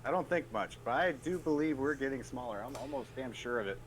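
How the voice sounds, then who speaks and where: A man playing in a tabletop game, joking and thinking out loud. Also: mid-range voice, brisk, slight background noise, rough recording. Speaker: player. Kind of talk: casual tabletop game banter.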